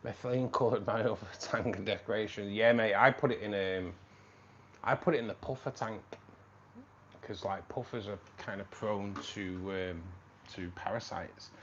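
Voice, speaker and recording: In a lo-fi clip recorded in a room at home, a man with a fairly low voice runs a relaxed livestream at normal speed. He reads the chat, calls his viewers mate, and sounds a bit weary.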